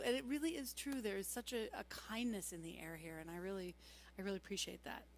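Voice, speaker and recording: Between songs at a live church concert, a woman singer-songwriter banters on stage, telling chatty stories at a quick pace in a medium-pitched voice. Her voice is mixed with the live performance, and instrumental music plays behind her.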